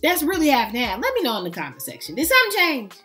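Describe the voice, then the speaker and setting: A woman's voice: high-pitched, wildly swooping pitch, fast talker, sharp tone, faint music behind. A woman reviewing fragrances in a casual vlog, chatty and emphatic with playful, sassy asides.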